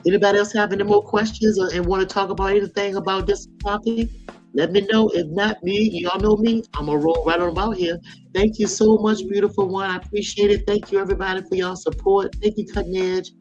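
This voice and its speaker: A woman's voice: medium pitch, fairly even intonation, brisk, darkish tone, lo-fi sound, soft background music. A woman in her sixties hosting a casual live chat, talking frankly in a folksy way and laughing often. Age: 60s. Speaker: live stream host.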